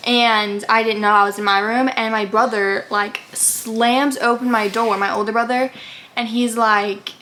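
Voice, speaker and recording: A woman's voice: on the high side, fairly even intonation, unhurried, sharp tone, slight background noise. A young adult woman telling a personal story in a casual vlog, rambling with lots of "like" and acting out what people said. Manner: rambling, many "like" fillers, acts out quotes. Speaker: vlogger telling her story.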